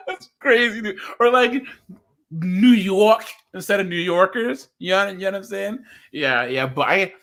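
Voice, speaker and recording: A man hosting a casual reaction chat, animated and rambling, often laughing. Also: high voice, normal speed. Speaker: host.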